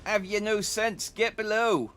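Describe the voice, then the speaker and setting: A man voicing a gruff, loud sailor who barks coarse orders, reading game dialogue aloud. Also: sits high, unhurried, slight background noise, pitched above the performer's own voice. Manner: barking, coarse.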